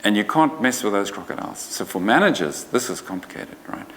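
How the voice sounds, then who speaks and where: A low-voiced man presents his research at a conference in a loose, joking, colloquial way, breaking off and restarting his sentences. His voice rings with the long reverb of a big lecture hall. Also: animated, a little fast, fairly bright tone, a little hiss or hum. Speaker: conservation researcher giving a talk.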